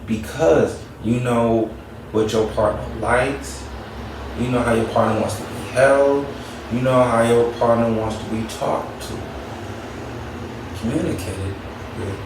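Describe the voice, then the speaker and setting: A man's voice: mid-range voice, measured pace, pauses often, background noise. A man hosting a casual advice talk, speaking conversationally and repeating his points for emphasis. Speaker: talk show host. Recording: echoey room, mic at a distance.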